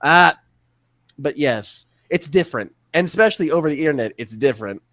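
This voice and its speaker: A man's voice: a little high, lively intonation, brisk, a bit bright, no echo. A young man co-hosting a podcast, talking bluntly and swearing freely in casual chat. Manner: blunt, profane, self-deprecating. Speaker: podcast co-host.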